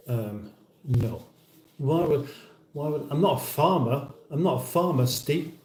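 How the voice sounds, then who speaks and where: A man's voice: on the high side, animated, measured pace, a little mellow, reverberant, rough recording. A middle-aged British man hosting a casual livestream, reading out viewer comments in a dry, wry, mock-formal way and sounding a little weary. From United Kingdom. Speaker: livestream host.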